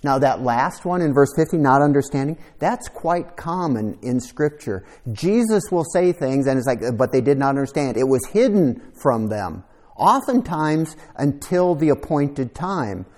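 A man's voice: a little high, expressive, a little slow, a little mellow. A man preaching a conversational sermon, reflective and thinking aloud, sometimes repeating a word as he goes. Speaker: pastor.

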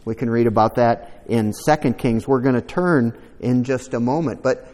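A man's voice: medium pitch, moderate pace, darkish tone, long reverb tail. A man preaching a sermon, reading scripture aloud with rising emphasis and adding conversational asides to the congregation. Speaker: pastor.

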